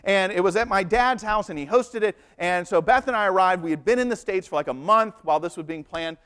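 A man's voice: sits high, fairly quick, a bit bright, clear, resonant tone. A man, likely in his thirties, preaching a Sunday sermon and telling stories with humor and shifting emphasis. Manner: storytelling with humor and varied emphasis. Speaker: pastor.

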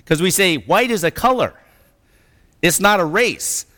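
A man's voice: sits high, expressive, measured pace, bright, forceful tone. A middle-aged man giving an anecdotal lecture-style talk, often checking in with "okay?" and "right?" and laughing through his stories. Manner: laughs while telling stories. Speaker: presenter. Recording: reverberant hall sound.

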